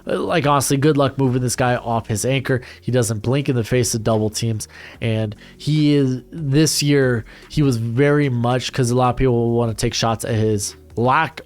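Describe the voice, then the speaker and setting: A man's voice: medium pitch, fairly even intonation, normal speed. Rambling man breaking down draft prospects. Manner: rambling, frequent fillers and restarts, blunt asides. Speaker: NFL draft analyst.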